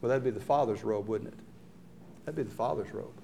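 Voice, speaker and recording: A man preaching a sermon, telling a Bible story with lively acted-out quotes and rhetorical questions to his listeners. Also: lowish voice, brisk, vocal fry.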